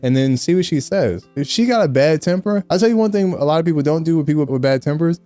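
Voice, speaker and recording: Male advice host, blunt and joking, warm smooth voice, dry close sound, faint music behind. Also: a little high, expressive, quick pace, no room sound. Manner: frank, joking, laughs often, blunt slang. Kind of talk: casual advice talk answering letters.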